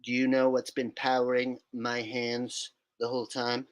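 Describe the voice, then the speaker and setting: A man's voice: medium pitch, completely flat delivery, measured pace, pitched below the performer's own voice, lightly acted. A man doing an impression of a boastful older male politician, rambling and repeating himself. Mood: bragging. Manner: rambling, boastful, repeats phrases with hand gestures.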